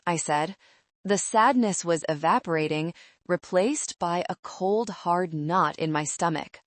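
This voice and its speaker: A woman narrating a first-person story in a measured, controlled way. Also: fairly low pitch, no echo.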